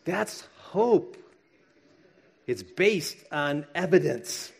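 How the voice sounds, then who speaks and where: A man's voice: on the high side, lively intonation, extremely slow, gravelly. A middle-aged man preaching a sermon in a conversational way, acting out quoted voices with light jokes. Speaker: pastor.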